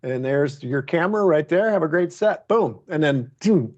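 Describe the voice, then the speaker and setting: A man's voice: a little high, expressive, moderate pace, darkish tone, highs cut off. A man from Detroit, a comedian guest telling a story in a casual interview, animatedly acting out other people's lines. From Detroit, USA.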